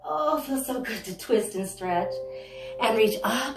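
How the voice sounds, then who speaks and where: In an echoey home studio room with music in the background, a woman leads a yoga session through friendly, encouraging cues step by step. Her voice is a little high and expressive, at a measured pace.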